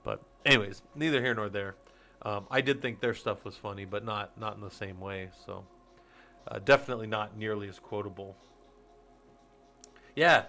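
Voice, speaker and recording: A man's voice: fairly low pitch, normal speed, pauses often, bright, forceful tone, faint music behind. A man in his forties hosting a casual livestream, rambling to his viewers, laughing often and swearing casually. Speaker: host of a Linux user group stream.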